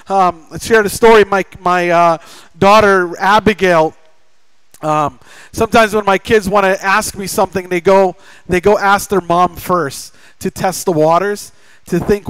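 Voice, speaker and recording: A man's voice: high-pitched, a bit bright, clean tone, no echo, rough recording. A middle-aged man preaching a sermon as pastor, telling a family story with acted-out dialogue and joking with the congregation. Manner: jokey, chatty with the congregation. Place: church sanctuary.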